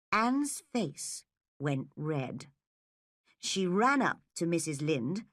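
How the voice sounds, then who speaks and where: A woman narrating a graded story for English learners, slow, clear and expressive. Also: on the low side, dry recording, clean studio sound. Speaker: audiobook narrator.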